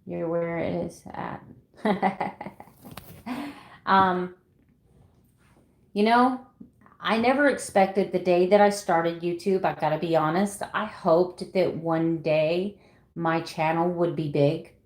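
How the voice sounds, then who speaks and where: A woman's voice: on the low side, fairly even intonation, slow, pauses often, darkish tone. A woman in her fifties chatting casually with livestream viewers, laughing often and reading out their names. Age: 50s. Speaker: keto vlogger. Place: home room. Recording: echoey room.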